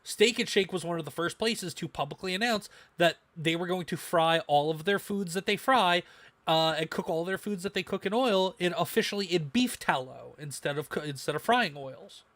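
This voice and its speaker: A man chatting as co-host of a casual livestream podcast, talking in an animated way and repeating phrases for emphasis. His voice sits a little high, and the sound is close and dry with no room echo. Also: normal speed.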